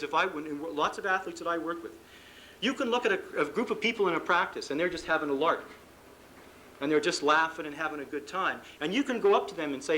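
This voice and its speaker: A man with a Canadian accent giving a live sports seminar, telling lively stories, acting out what athletes say, and often restarting his sentences. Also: fairly high pitch, a little hiss or hum, poor audio. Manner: frequent restarts and repeated words. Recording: archival 1989 live talk recording.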